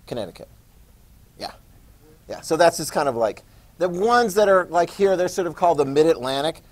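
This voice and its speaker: A man's voice: a little high, expressive, normal speed, darkish tone. A middle-aged man teaching a classroom lesson, chatty, with asides and questions to his students. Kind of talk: classroom lecture.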